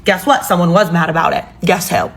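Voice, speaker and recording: A woman's voice: fairly low pitch, fairly quick. A young woman telling a personal story in a casual, chatty way with exasperated asides.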